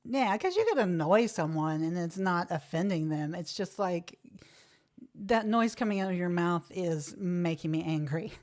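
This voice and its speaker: A woman's voice: fairly low pitch, lively intonation, darkish tone. A woman comedian co-hosting a podcast, telling stories in a chatty, playful way and laughing easily. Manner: chatty storyteller, quick to laugh. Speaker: podcast co-host. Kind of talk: casual comedic chat.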